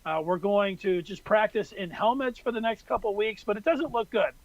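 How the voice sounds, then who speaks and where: A high-pitched man co-hosts a casual sports podcast and rambles on in an exasperated tone. His voice is recorded dry and close, with a slightly dull, muffled sound. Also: moderate pace, dry recording. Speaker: podcast co-host.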